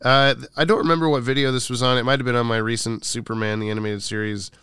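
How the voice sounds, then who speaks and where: A man's voice: mid-range voice, fairly even intonation, fast, pushed and bright, clear, resonant tone, no room sound, clean studio sound. A man co-hosting a podcast in a casual chat, reading listener comments aloud and laughing often. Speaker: podcast co-host.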